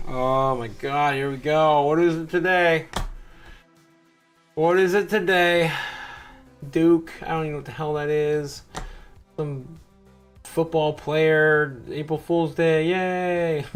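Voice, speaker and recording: A man's voice: a little high, clean tone. A man hosting a show, giving rambling, wry, casual live commentary as he reacts to charts. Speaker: crypto show host.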